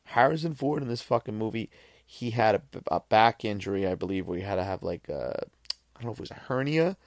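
On his podcast, a man talks through a movie in a meandering monologue packed with profanity and false starts. He has a fairly low, expressive voice, speaks a little fast, and the studio-quality audio has no echo.

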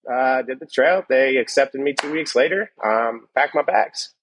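A man's voice: medium pitch, lively intonation, unhurried, a bit bright, slightly rough, low-quality recording. A man, a chef, telling his story in an interview, rambling with many fillers and quoted dialogue. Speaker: chef, guest.

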